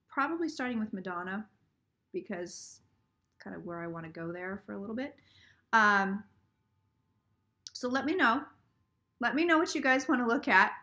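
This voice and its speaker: A woman with a high, bright voice hosts a live tarot stream. Her chat is casual and profane. She laughs often and tells her stories with lively energy, slipping into the voices of the people she quotes. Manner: animated, profane storyteller who laughs often. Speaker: psychic tarot reader hosting a live stream.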